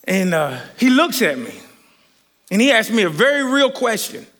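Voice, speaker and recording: A man preaching a sermon, telling a story in an animated, rambling way with many restarts. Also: high-pitched, moderate pace.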